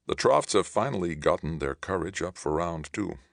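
A man reading as a gruff, weary leader. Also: deep voice, lively intonation, moderate pace, no echo, studio quality, pitched above the performer's own voice.

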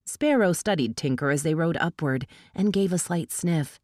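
Woman narrator, audiobook, low voice, dry close sound, measured pace. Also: expressive, a little mellow, dry recording. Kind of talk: scripted narration.

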